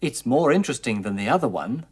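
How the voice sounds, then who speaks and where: A man teaching English in a scripted 1980s television lesson, speaking clearly and deliberately through word drills. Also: mid-range voice, big pitch swings. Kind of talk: slow, scripted language lesson. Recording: 1980s educational television recording.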